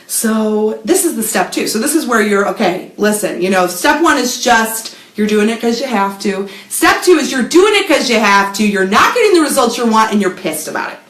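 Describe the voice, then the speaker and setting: A woman with a high, lively voice talks to camera as host. She is sardonic and animated, slips into mock voices and swears casually. Her voice rings in a roomy, echoey space. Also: moderate pace, hardly any pauses. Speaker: host giving marketing advice.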